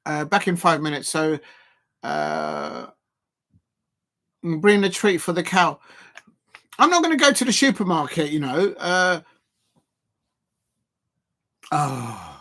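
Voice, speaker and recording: A man's voice: on the high side, huge pitch swings, a little slow, pauses often, fairly bright tone. A man hosting a live football watch-along, commenting in a rambling, hesitant way full of fillers.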